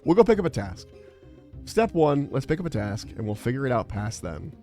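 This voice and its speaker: A man's voice: medium pitch, big pitch swings, fairly quick, dark tone, faint music behind. A young adult man streaming, chatting casually in a rambling, exasperated, profane way. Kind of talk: casual livestream chat.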